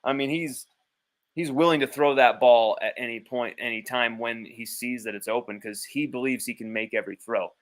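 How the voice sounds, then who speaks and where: A man's voice: medium pitch, fairly even intonation, normal speed. A man hosting a sports livestream from home, talking casually in a rambling, blunt way with easy swearing. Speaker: sports podcast host. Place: at home with his child nearby.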